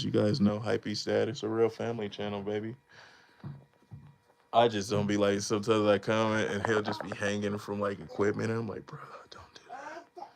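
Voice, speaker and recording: A man's voice: lowish voice, creaky, noisy background. A man in his thirties chatting casually on a live stream about making beats, rambling in a laid-back, slangy way and laughing often. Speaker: beatmaker streamer.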